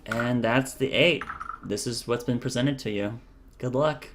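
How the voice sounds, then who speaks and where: A man as dungeon master, reading riddle lines slowly and repeating them for his players. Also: mid-range voice, noisy background. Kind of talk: running a tabletop game, reading riddle lines.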